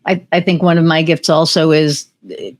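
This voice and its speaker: Chatty woman podcast host, lowish voice. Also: moderate pace. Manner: chatty, animated storyteller. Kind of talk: podcast conversation.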